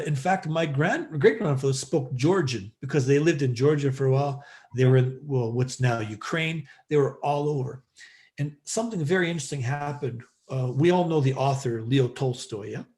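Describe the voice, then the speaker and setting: A man's voice: mid-range voice, a little mellow. A middle-aged man from Western Canada, a podcast guest telling a long story in a loose, rambling way with lots of fillers. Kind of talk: casual storytelling interview.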